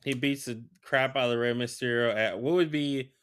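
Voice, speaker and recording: Bright-voiced man, halting podcast chat. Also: medium pitch, fairly even intonation, smooth. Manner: hesitant, restarts, many "like"s. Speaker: podcast co-host. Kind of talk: casual chat.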